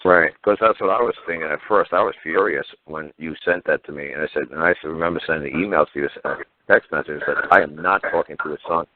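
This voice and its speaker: A man's voice: rumbling low, quick pace, hardly any pauses, dry recording. A man on a talk show telling a story in a blunt, profane, fired-up way over the phone. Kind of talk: casual call-in radio chat. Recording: tinny phone line.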